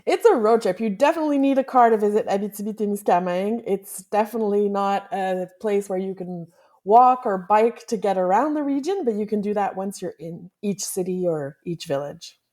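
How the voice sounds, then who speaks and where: A woman's voice: mid-range voice, fairly quick, a little mellow. A woman from Quebec, a travel blogger guest, explaining in a friendly, teasing way. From Quebec, Canada. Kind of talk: podcast interview.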